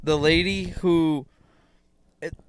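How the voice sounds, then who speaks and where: A young man co-hosting a podcast, telling a funny story in an animated way and acting out the people in it. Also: a little high, slow, a little hiss or hum. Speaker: podcast co-host. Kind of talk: casual chat, storytelling.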